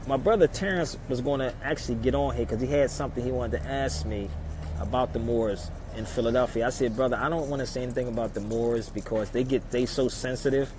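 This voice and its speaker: Man of average pitch, streaming outdoors, lectures his viewers with rhetorical questions, faint street noise behind. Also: low-quality recording. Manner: preachy, rhetorical questions, swings loud and soft. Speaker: live stream host. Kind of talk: casual live stream talk, answering viewer comments. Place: outdoors in a city neighborhood.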